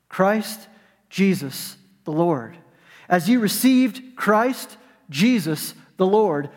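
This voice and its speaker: A man preaching a sermon to his congregation, animated, slipping into acted-out asides. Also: sits high, big-room sound. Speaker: pastor. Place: church sanctuary.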